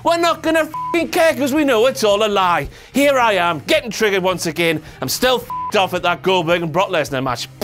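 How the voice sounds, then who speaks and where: A man's voice: high voice, big pitch swings, moderate pace, hardly any pauses, over music. A man who hosts a comedic wrestling review, ranting with heavy swearing and sarcasm.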